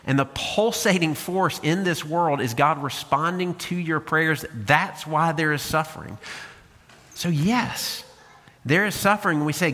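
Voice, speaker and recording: A man's voice: medium pitch, moderate pace, sharp tone. A man preaching a sermon as a pastor, talking to the congregation in a conversational way with rhetorical questions. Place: church sanctuary. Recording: long hall reverb.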